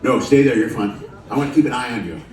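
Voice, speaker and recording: This stand-up set comes from a man of medium pitch speaking quickly, captured from afar in a roomy, very noisy space. Loose and profane, he riffs on the audience between jokes while cruise ship lounge-goers laugh.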